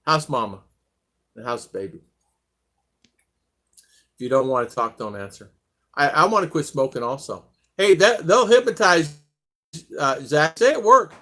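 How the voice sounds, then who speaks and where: A man's voice: normal speed, pauses often. An older American man hosting a casual live stream, rambling as he reads viewer comments aloud. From United States. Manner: rambling, reads chat aloud, lively pitch swings.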